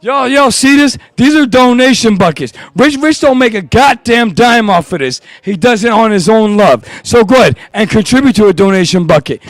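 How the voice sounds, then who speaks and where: A man emceeing outdoors outside a music venue, talking in rowdy, profane, hyped-up banter and shouting thanks. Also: sits high, expressive, moderate pace, few pauses, no echo. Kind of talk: hyped-up live event banter.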